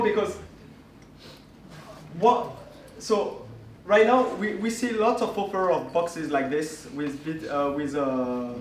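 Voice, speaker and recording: A man presents at a conference with a fairly high voice. He talks in a halting way, with many fillers and restarts. The sound is roomy and distant, with faint room noise behind him. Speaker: conference speaker. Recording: echoey room, voice from far off.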